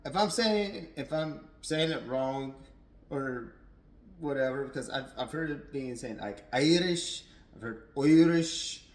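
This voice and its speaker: A man's voice: medium pitch, measured pace, reverberant, low-quality recording. A young adult man giving a casual, rambling whiskey tasting review at home, a little tipsy, with lots of fillers and restarts.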